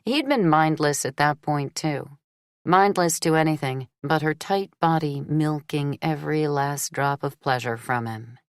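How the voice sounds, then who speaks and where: A woman narrating a romance novel audiobook in a measured, steady storytelling delivery. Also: low voice, no room sound, studio quality.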